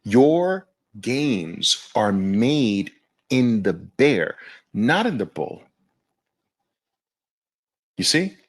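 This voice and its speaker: A male host giving market commentary in an animated, exclamatory way. His pitch swings widely while he keeps an unhurried, drawn-out pace, often sounding incredulous.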